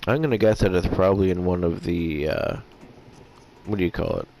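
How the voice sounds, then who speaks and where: Deep gravelly man commenting on gameplay. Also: a little fast, darkish tone, a little hiss or hum. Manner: rambling, hesitant, frequent throat clearing. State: voice getting rough. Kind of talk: casual let's-play commentary.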